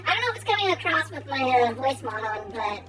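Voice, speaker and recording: Young woman streamer, high voice, playful rambly chat, game music going behind. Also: very animated, fast. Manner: chatty, playful, thinking aloud. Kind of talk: casual gameplay commentary.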